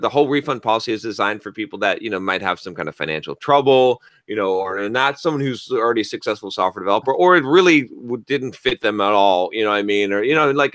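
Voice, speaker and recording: Male podcast host, lively swearing storyteller, bright forceful tone, dry close sound. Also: on the low side, no echo. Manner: animated, profane, acts out quoted dialogue. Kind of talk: casual storytelling chat.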